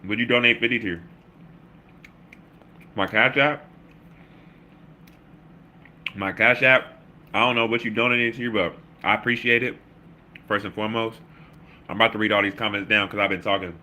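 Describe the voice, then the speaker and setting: Low, bright-voiced man. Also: steady tone, fast. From Baltimore. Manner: loose, slangy, reads chat comments aloud with shout-outs. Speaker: livestream host. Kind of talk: casual livestream chat.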